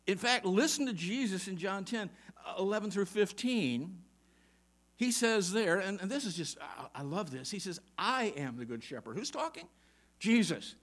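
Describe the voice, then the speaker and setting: A male preacher delivering a sermon, his voice sitting a little high and swinging widely in pitch as he moves between reading scripture and questioning the congregation. He presses his points with repeated emphatic questions and chuckles here and there. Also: lively intonation, fairly bright tone. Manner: emphatic, asks the congregation rapid questions, reads scripture aloud.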